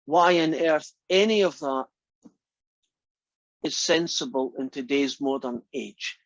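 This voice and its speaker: This math instructor has a fairly high voice and speaks slowly, captured dry in a dull lo-fi lecture recording. His classroom lecture is chatty and teasing, and he keeps putting questions to the students.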